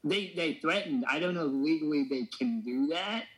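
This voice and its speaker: A man's voice: fairly high pitch, expressive, rough recording. Joking man hosting a podcast. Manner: joking, quick asides. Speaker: podcast host. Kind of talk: casual podcast banter.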